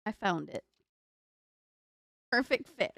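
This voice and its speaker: A woman's voice: medium pitch, lively intonation, takes it slowly, creaky, a bit bright, dry recording. Young woman streaming at her desk, northern us accent gone a bit southern, giggles a lot, dry close sound. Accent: northern US with a Southern US tinge. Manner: giggly, laughs often, rambling self-talk. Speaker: livestreamer. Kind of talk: casual live-stream chat while building. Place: home computer desk.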